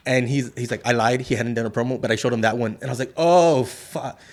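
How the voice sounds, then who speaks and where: A man's voice: mid-range voice, rapid-fire. A middle-aged man from South Texas, a wrestler guesting on an interview show, telling stories in casual, profane talk and acting out the voices of the people in them. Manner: profane, animated, acts out quoted voices.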